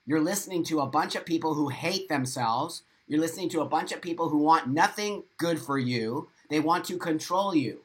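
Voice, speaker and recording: A man's voice: a little high, normal speed, few pauses. Man, middle-aged, live stream host, emphatic, repetitive, blunt, motivational, webcam. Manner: blunt, swears. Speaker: livestream host. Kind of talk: live stream talk, reading viewer comments.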